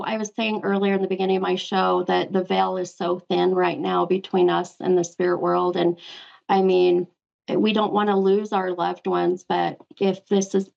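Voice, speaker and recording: A woman's voice: mid-range voice, gravelly, darkish tone, highs cut off. A woman hosting a psychic call-in show, giving an affectionate spirit reading and calling the caller hun. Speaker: psychic medium show host.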